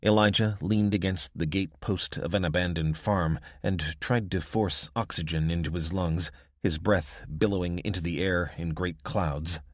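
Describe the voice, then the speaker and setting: Deep-voiced male audiobook narrator. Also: no echo, clean studio sound. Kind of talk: scripted narration.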